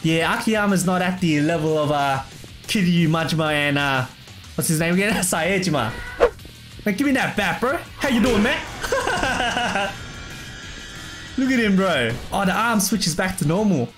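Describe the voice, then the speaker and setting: A man's voice: sits high, animated, a little slow. Laid-back man gaming, game music behind. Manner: laid-back, calls everyone bro, laughs a lot. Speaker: gamer. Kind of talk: let's play commentary.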